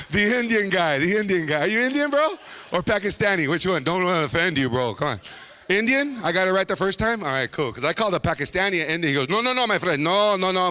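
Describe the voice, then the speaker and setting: A man hosting a live stand-up show, teasing the audience and dropping into quick voices of the people he talks about. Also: high voice, bright, forceful tone. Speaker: stand-up comedian and host. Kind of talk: stand-up crowd work.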